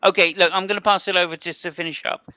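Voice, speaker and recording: A man's voice: high voice, fairly even intonation, fast, pushed and bright, smooth, dry recording, dull audio. A man hosting a casual chat, joking and restarting his sentences. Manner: chatty, joking, stops and restarts. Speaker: host.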